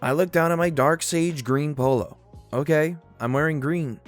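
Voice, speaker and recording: A man reads reddit stories aloud in a fairly high voice, with a lively, sarcastic edge to his asides. Faint music plays underneath. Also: normal speed. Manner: animated, sarcastic commentary between stories. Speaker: narrator.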